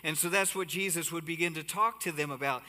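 A man preaching a sermon as pastor on a body mic, animated and given to asides to the congregation. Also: fairly high pitch, fairly quick, big-room sound. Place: church sanctuary. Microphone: body-worn mic.

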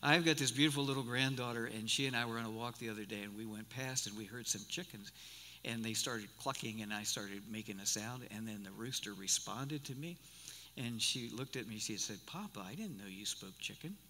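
A man's voice: mid-range voice, steady tone, a little fast, sharp tone, slight background noise. A man in his sixties preaching a sermon as pastor, folksy and rambling, often restarting his sentences. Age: 60s. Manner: folksy and rambling, with many repeated starts. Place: church sanctuary. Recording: live church recording with long hall reverb.

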